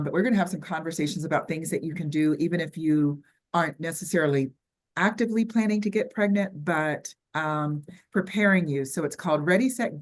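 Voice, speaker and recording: An older woman with a Southern US accent hosting an online workshop over a video call, chatty and halting with frequent ums and restarts. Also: deep voice. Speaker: webinar host.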